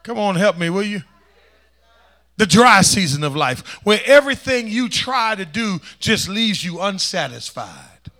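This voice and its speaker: A man preaching a sermon as pastor, calling for responses from the congregation and swinging between loud emphasis and hushed asides. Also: high voice, sing-song, unhurried.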